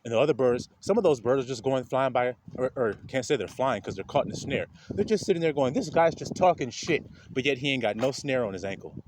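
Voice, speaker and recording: A man's voice: mid-range voice, fast talker, hardly any pauses, slight background noise. A man giving an informal, blunt spiritual talk, laughing often as he preaches. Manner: animated, laughing, streetwise and blunt. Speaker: spiritual speaker.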